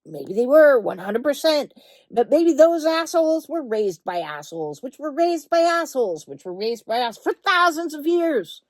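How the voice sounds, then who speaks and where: Emphatic, high-voiced woman coach. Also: big pitch swings, dry recording. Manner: emphatic and blunt, swears freely, drawn-out stresses; soothing, reassuring to the listener. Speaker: spiritual healing coach. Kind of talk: impassioned direct-to-camera talk.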